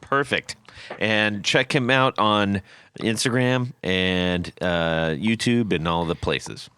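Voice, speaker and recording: Brief: male host, lowish bright voice, cheerful closing patter, dry close mic. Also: slow pace, clear, resonant tone, no room sound. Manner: upbeat, thankful sign-off patter. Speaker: podcast host. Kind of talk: casual chat.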